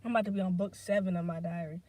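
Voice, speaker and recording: A woman with a fairly low, steady, slightly mellow voice talks very fast on her casual solo podcast. She rambles across topics, swears freely and uses many fillers as she works things out.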